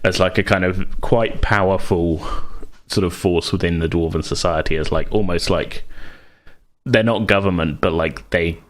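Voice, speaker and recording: A man co-hosting a casual worldbuilding podcast, explaining ideas haltingly with frequent restarts. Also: deep voice, fairly even intonation. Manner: hesitant, many restarts and fillers, laughs easily. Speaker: podcast co-host.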